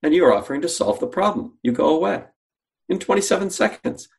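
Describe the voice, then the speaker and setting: A man's voice: sits high, big pitch swings, fast, vocal fry, a little mellow. A man, a guest on an interview, telling a story and acting out the dialogue he quotes. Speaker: guest, sales company founder.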